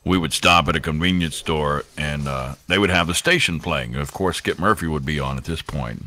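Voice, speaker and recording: A man co-hosting a radio show, telling stories in a lively, casual way. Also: rumbling low, moderate pace. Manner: animated storyteller, mimics voices. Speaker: radio co-host. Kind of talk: casual radio banter, storytelling.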